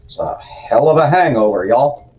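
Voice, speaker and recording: A man's voice: medium pitch, lively intonation, normal speed, darkish tone, recorded from a distance, dull audio. A man hosting a livestream, reading scripture aloud and adding sarcastic, profane commentary in a drawling manner.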